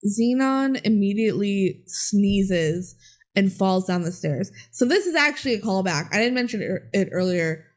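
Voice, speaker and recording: A woman's voice: mid-range voice, lively intonation, normal speed. A woman co-hosting a podcast, recapping a movie in casual chat, laughing often and swearing freely. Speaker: podcast co-host.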